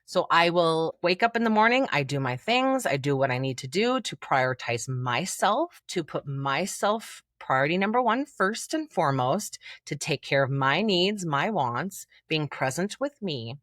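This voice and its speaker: Lowish woman coach on a podcast, super lively, acts out voices in her head, dry close sound. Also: measured pace, few pauses, no echo. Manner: animated, acts out inner voices with big pitch jumps. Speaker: confidence coach guest. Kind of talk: podcast interview.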